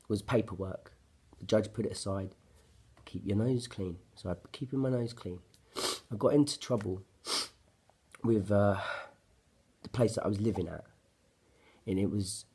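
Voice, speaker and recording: A man talks in a husky, slightly breathy voice that sits fairly low. He rants bluntly and profanely as he tells his own story straight to camera, building up agitation. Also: dark tone. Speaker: vlogger. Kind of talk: personal story told to camera.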